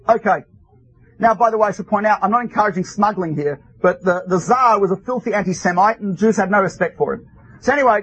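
A man lectures his class through a story, with a very high, husky voice. The sound is dry and close. He keeps things lively with wry asides. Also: dry recording, poor audio. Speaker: teacher.

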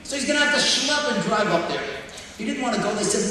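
Animated male storyteller in an echoing hall. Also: high-pitched, quick pace. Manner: animated, acting out the characters in his stories. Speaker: speaker. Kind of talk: storytelling sermon. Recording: echoey hall, distant mic, faint noise.

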